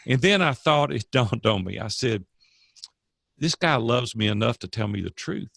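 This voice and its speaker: Older man with a gravelly, earnest voice. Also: medium pitch, lively intonation, moderate pace, fairly bright tone, no echo, studio quality. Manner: earnest, preachy storyteller. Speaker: guest, coach. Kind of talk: casual interview storytelling.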